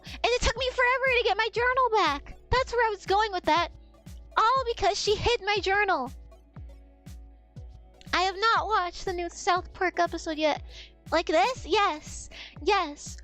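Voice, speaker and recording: A young adult woman telling a story on a livestream in a casual, animated way, swearing and laughing as she talks. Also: very high-pitched. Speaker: streamer.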